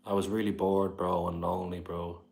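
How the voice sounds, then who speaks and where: A man with a very low voice and a Dublin Irish accent talks loosely to his live chat from home. He rambles, leaning on "like" and "bro" as he reacts to comments. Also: little pitch movement, moderate pace, darkish tone. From Ireland. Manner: rambling, says "like" and "bro" often. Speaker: livestreamer. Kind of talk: casual livestream chat, reading comments aloud. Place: his apartment.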